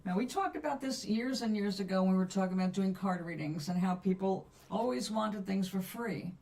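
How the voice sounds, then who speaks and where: On a somewhat distant mic with faint ambience behind her, a livestream host reads cards for viewers in a relaxed live chat. Her mid-range voice is soothing, and she talks in an unhurried, chatty way with long pauses.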